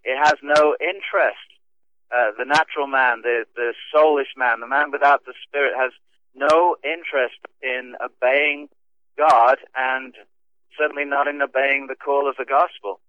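A man's voice: medium pitch, fairly even intonation, normal speed, dry recording. A male guest with a mid-Atlantic accent, between British and American, talking earnestly and wryly on a radio show over the phone. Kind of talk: casual radio talk show conversation. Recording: tinny phone line.

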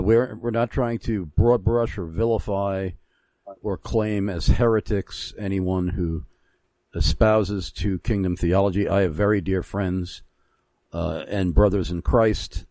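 Low mellow guy hosting a christian talk show, slow and halting, dry close sound. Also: no echo. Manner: measured, halting, frequent pauses. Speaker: radio show host.

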